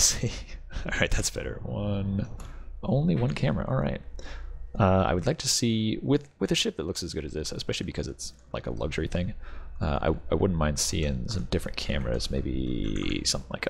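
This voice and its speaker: A man's voice: low-pitched, vocal fry, a little hiss or hum. A man hosting a channel, rambling and joking with frequent laughs as he tours a ship in a game. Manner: rambling, jokey, laughs often. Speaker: channel host reviewing game ships. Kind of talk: casual game commentary.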